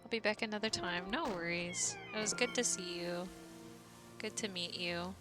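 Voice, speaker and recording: A young woman with a Southern US accent and a fairly low voice chats casually through a game live-stream, answering her chat aloud. Music plays clearly behind her. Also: normal speed. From Southern United States.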